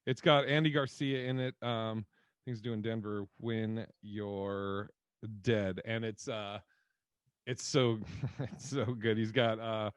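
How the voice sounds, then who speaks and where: A man's voice: on the low side, steady tone, slow pace, clear, resonant tone, no room sound. A man co-hosting a podcast in casual chat, rambling and laughing, swearing freely. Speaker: podcast co-host.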